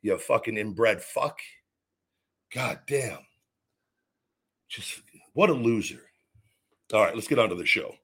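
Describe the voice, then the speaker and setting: A man's voice: lowish voice, expressive, takes it slowly, pauses often, fairly bright tone, husky. Man ranting on his podcast. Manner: heated, profane ranting with repeated restarts. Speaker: podcast host. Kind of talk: podcast monologue.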